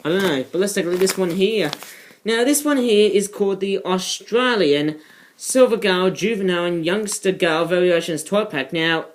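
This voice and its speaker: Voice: medium pitch, slight background noise. A toy reviewer in a casual vlog, rambling off topic with many ums and uhs. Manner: rambling, digressive, many fillers.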